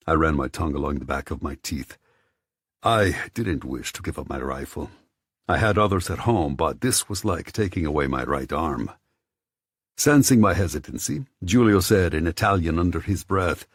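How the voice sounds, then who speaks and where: A man narrating an audiobook in the first person with a measured, low-key delivery. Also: animated, husky, no echo, clean studio sound.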